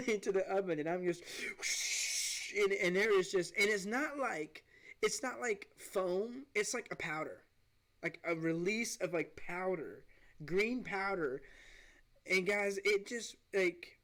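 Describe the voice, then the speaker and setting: A man hosting a podcast, telling a story in an animated, rambling way with many restarts. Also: high-pitched, a little slow. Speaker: podcast host. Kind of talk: casual storytelling.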